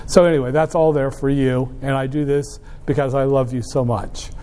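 A man's voice: medium pitch, steady tone, normal speed, dark tone, smooth. A man lecturing a university finance class, wry and joking, addressing students directly with emphatic asides. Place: lecture hall.

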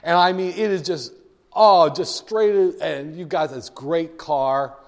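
A man gives a classroom lecture full of jokes and acted-out scenes. His voice sits fairly high. It rings with the long reverb of a lecture hall. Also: takes it slowly, gravelly. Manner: jokey storytelling, acts out voices.

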